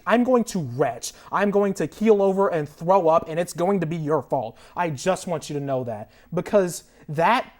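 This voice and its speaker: A man's voice: high voice, a little mellow. A young man as a guest on a mock talk show, ranting theatrically and indignantly for comic effect. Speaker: guest enthusiast.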